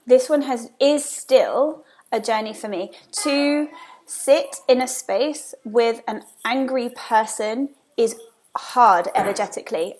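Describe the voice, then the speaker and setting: A woman in her thirties talking casually to camera about parenting, earnest and repeating key phrases for emphasis. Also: fairly high pitch. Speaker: parenting vlogger.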